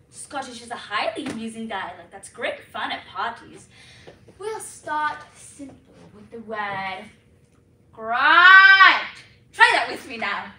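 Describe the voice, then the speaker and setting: A young woman on stage doing a bossy, pompous accent teacher with a fake British accent, her voice high and swooping at an unhurried pace. She is heard from a distance in an echoey school hall with steady background noise. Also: heavily acted. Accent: put-on British. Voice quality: theatrical, exaggerated, pompous. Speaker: student competitor performing a comic piece. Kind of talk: humorous stage performance. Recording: echoey hall from far off, noisy.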